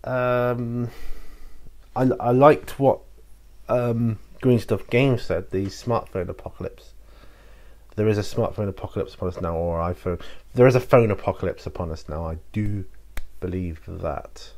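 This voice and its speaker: Guy rambling thru viewer questions on his channel, lowish voice, lots of ums. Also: unhurried, darkish tone. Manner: rambling and hesitant, with many fillers and restarts. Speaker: YouTube channel host answering viewer questions. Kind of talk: casual solo chat to camera.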